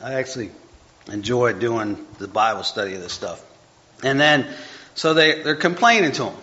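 A man's voice: medium pitch, animated, normal speed, bright, forceful tone. A man leading an informal Bible study, rambling and correcting himself as he stumbles over hard names. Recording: dull lo-fi recording.

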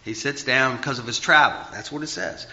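A man preaching in a loose, conversational sermon, rambling with fillers and restarts, often rising high and then dropping to a near murmur. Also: brisk, pushed and bright. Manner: rambling, full of fillers and restarts, big swings in pitch and volume. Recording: dull lo-fi recording.

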